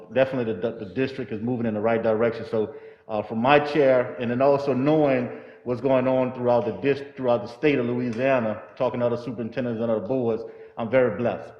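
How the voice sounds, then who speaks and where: A man serving as school superintendent speaks earnestly to a public board meeting, halting often with fillers and restarts. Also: medium pitch, fairly even intonation. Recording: reverberant hall with dull, muffled audio.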